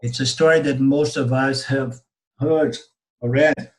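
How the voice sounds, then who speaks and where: A man's voice: mid-range voice, fairly even intonation, unhurried. A man whose first language is Portuguese, speaking with a Brazilian Portuguese accent, telling a teaching story in an online class and often checking in with "okay?". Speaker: Vedanta teacher. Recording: roomy webinar audio.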